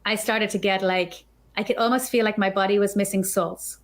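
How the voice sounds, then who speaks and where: A woman guest on a podcast, telling a story in a chatty, animated way and acting out her own thoughts. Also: medium pitch, moderate pace. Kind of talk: casual storytelling.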